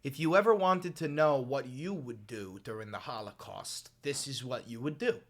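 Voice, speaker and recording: Impassioned male host, bright edgy tone, swings from shouting to quiet. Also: medium pitch, moderate pace. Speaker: commentator. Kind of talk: reaction commentary. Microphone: desk microphone.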